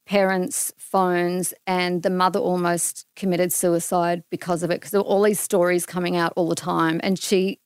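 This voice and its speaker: This podcast guest, a middle-aged Australian woman, recounts a personal story casually and with animation, performing the dialogue. Her voice is lowish and smooth, moving at normal speed with few pauses, with no echo and clean studio sound.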